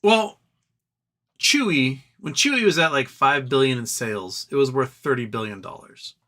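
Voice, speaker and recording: Male stream host, bright tone, loose rambling delivery with lots of ums. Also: mid-range voice, expressive, normal speed. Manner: rambling, reads viewer comments aloud, frequent ums. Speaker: livestream host. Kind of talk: casual live-stream chat.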